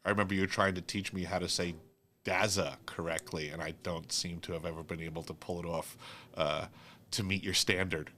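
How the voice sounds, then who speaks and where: A man's voice: deep voice, steady tone, brisk, pushed and bright, a little hiss or hum. A man from New York hosting a casual chat, telling rambling stories with lots of fillers and easy laughter. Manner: rambling storyteller, laughs easily, many fillers. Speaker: host.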